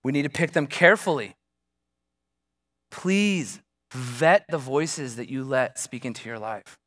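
A man's voice: medium pitch, measured pace, fairly bright tone. A man preaching as a pastor, telling a personal story in a conversational way and asking the congregation rhetorical questions. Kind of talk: sermon.

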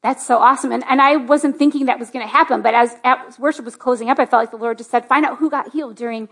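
High-voiced woman preaching chattily. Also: fast. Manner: chatty, lots of "like", rising to excited. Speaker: pastor. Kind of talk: sermon with personal story. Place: church sanctuary.

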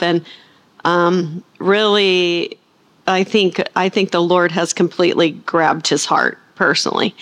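Middle-aged woman Bible teacher, talkative and lively, full of playful asides to the congregation. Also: fairly low pitch. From United States. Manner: rambling, animated storytelling with playful asides. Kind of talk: chatty sermon intro to a live audience.

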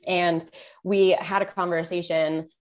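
A woman nutrition coach, a guest on a podcast, telling stories in a casual chat and turning animated when she quotes herself. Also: on the low side, a little slow.

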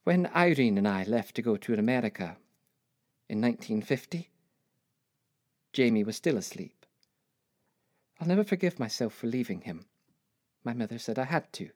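Older woman performing a reflective life-story monologue; expressive, rising and falling pitch. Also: moderate pace, pauses often, dry recording, studio quality. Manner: wistful, reflective storytelling with wry asides. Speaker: narrator. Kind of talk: dramatic monologue.

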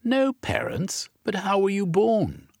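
A brusque Victorian gentleman, as a man puts him on, raised in pitch and husky, firing clipped, incredulous questions. His proper speech swings widely in tone in this storybook reading. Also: animated, takes it slowly, dry recording, clean studio sound, exaggerated voice.

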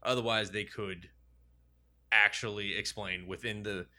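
A man in casual banter about superhero movies, joking and rambling, acting out characters in quick asides. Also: fairly low pitch, steady tone, pushed and bright.

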